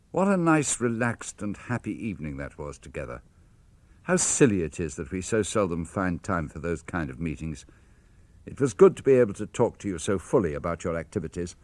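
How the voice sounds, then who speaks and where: An older man with a British accent reading a father's letters aloud for radio, measured and expressive. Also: fairly low pitch, dry recording. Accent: British English. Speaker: reader of letters.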